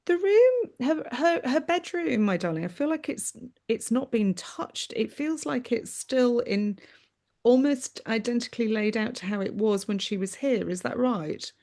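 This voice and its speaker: A woman medium on a video call, giving a live reading in a gentle, affectionate way. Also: on the high side, lively intonation, measured pace. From United Kingdom. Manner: gentle, affectionate, often says "my darling" and "that's what I'm aware of".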